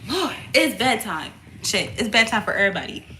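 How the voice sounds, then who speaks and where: Young mom vlogger with a lively, up-and-down pitch and a loud, frequent laugh, recorded in an echoey room with a noisy background. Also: female voice, fairly quick. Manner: laughs loudly and often, swears casually; coos softly to her baby between remarks. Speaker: mother vlogging. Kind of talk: casual chat to camera. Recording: echoey room with steady noise.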